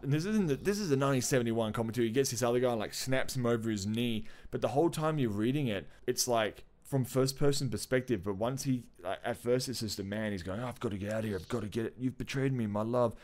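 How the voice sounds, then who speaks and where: A man co-hosting a podcast, telling a story in an animated, excitable way with plenty of swearing. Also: mid-range voice. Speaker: podcast co-host. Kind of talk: casual chat.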